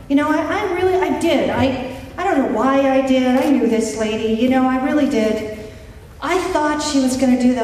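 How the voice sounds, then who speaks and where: A woman coach giving an inspirational conference talk, telling a candid personal story slowly, with wry humor. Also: sits high, animated, darkish tone, slight background noise. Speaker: life and recovery coach, conference speaker. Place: conference hall. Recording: echoey hall from far off.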